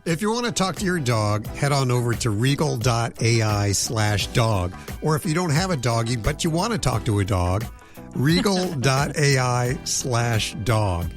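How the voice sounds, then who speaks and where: A man's voice: mid-range voice, big pitch swings, unhurried, music in the background. A man hosting a radio show, chatting casually and reading a sponsor plug.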